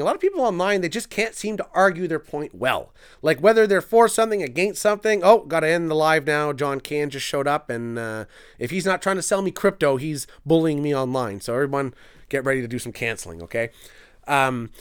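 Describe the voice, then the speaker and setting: A young man from Canada hosts a casual live-stream podcast and riffs on viewer comments with crude, self-mocking jokes. His voice is smooth and fairly high. He sounds loose and unscripted. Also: a bit bright. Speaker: podcast host.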